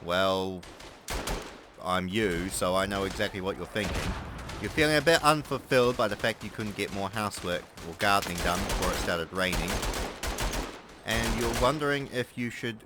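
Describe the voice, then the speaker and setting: A man voicing the dry, teasing inner voice in his own head, pitched lower than his usual talk. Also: normal speed, background noise, natural voice. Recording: game gunfire behind.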